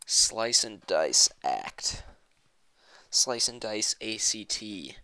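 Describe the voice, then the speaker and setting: Shouty goofy male gamer, bright voice. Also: fairly low pitch, lively intonation, extremely slow, no echo. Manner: goofy, swings from shouting and squealing to mumbling. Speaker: gaming let's-player. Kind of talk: loud comedic gameplay commentary.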